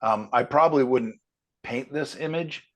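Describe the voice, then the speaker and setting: An easygoing male painting instructor talks through a student's picture in a relaxed class critique. His voice sits at an ordinary middle pitch. He thinks aloud, pausing often and tossing in light jokes. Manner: thinking aloud with many fillers; easygoing, joking.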